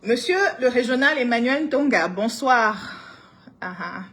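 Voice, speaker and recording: A woman's voice: a little high, animated, normal speed, a bit bright, a little hiss or hum. A young woman with a Cameroonian accent hosting a casual live-stream talk show. She greets commenters by name and moves easily between English and French, laughing often.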